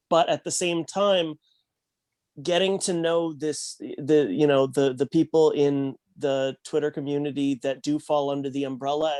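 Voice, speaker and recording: A man's voice: on the high side, a little mellow, dry recording. Earnest man co-host, dry close sound. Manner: earnest, halting with repeated words. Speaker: podcast co-host. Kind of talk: casual roundtable discussion.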